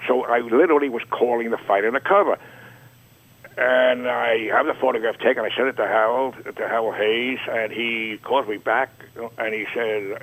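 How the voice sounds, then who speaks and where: An older man telling an anecdote in an interview, acting out the quoted dialogue with lively voice shifts. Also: medium pitch, normal speed, rough recording. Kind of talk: anecdotal storytelling.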